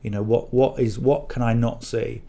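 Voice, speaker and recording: A mellow, creaky mid-range male voice with fairly even intonation proceeds at a moderate pace. The speaker is a middle-aged man with a northern English accent, an affiliate marketing coach doing casual, rambling coaching to camera with frequent "okay?" and "you know" check-ins.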